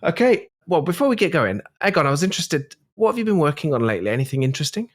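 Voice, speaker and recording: A man hosts a tech podcast in a relaxed, joking way, his pitch rising and falling. He banters easily with his guests. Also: rapid-fire. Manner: playful, jokey, laughs easily. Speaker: podcast host. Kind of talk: casual tech podcast chat.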